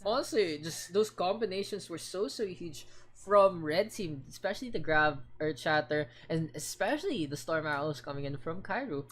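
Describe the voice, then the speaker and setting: A woman from the Philippines doing quick, punning play-by-play commentary as an esports caster. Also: lowish voice, expressive, a little hiss or hum.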